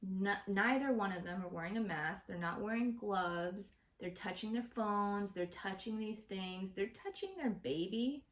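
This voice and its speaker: A woman's voice: medium pitch, animated, measured pace, hardly any pauses, reverberant. A woman hosting her own vlog, ranting in a casual, profane, exasperated way about things that annoy her. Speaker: vlogger host. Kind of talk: casual opinion rant to camera. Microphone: home recording setup.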